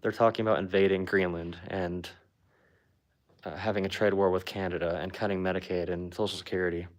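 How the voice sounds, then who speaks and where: A man's voice: deep voice, little pitch movement, brisk. A man talking politics in a casual, blunt, sarcastic way, with lots of "like" fillers. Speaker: political commentator. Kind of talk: casual chat.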